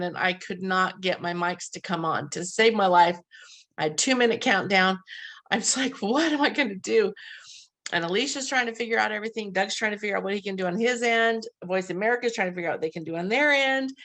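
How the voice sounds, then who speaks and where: A woman's voice: medium pitch, fairly bright tone. Middle-aged woman host, earnest and heartfelt storytelling, medium voice. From western United States. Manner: earnest, heartfelt, with frequent restarts and quoted dialogue. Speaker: webinar host. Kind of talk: personal storytelling.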